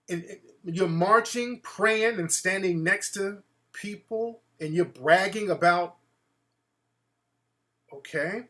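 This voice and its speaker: A man hosting a talk show, ranting in an animated, mocking way and putting on voices to quote people. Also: high-pitched, slow pace, long pauses. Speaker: show host. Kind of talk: casual talk-show rant.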